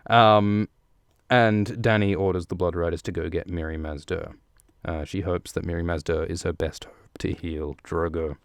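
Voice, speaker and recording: A man's voice: sits low, fairly even intonation, moderate pace, no echo, clean studio sound. A man hosting a podcast, recapping a book chapter in a joking, profane, rambling way. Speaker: podcast host.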